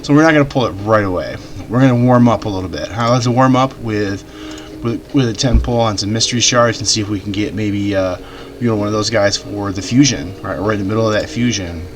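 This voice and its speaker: A man's voice: lowish voice, a little fast, slight background noise. A man hosting his gaming channel, chatting enthusiastically in casual gamer slang while he plays. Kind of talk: casual gameplay commentary.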